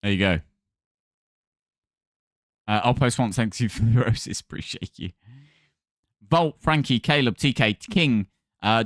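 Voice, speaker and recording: A man's voice: mid-range voice, fairly bright tone, no room sound, clean studio sound. A man live streaming, casually thanking viewers by name for follows and gifts.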